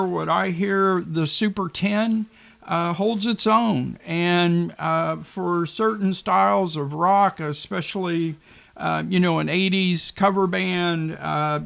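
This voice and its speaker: A man with a gravelly, slightly raised voice talks through a gear comparison. He speaks casually and haltingly, with many ums and repeated words as he weighs his thoughts. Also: fairly high pitch, fairly bright tone. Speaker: drum reviewer. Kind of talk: casual gear review talk.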